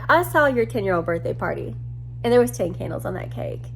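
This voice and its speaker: A woman's voice: medium pitch, big pitch swings, fairly quick, vocal fry, a little hiss or hum. A woman with a Southern accent giving casual, emphatic gossip commentary as a vlogger. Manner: emphatic, chatty and indignant.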